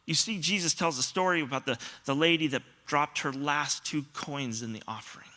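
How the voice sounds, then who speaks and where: A man's voice: on the high side, moderate pace, bright, forceful tone. A man pastor giving a sermon, telling stories earnestly and often quoting other people. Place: church auditorium.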